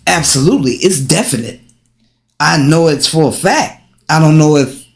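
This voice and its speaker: A woman from the United States hosting a casual livestream, talking straight to her viewers with lively rhetorical questions. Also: sits low. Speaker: livestream host and relocation guide.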